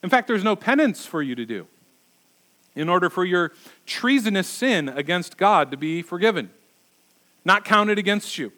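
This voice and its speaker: A man's voice: sits high, big pitch swings, normal speed, long pauses, sharp tone. A middle-aged male pastor preaching a sermon, emphatic and repeating words for stress.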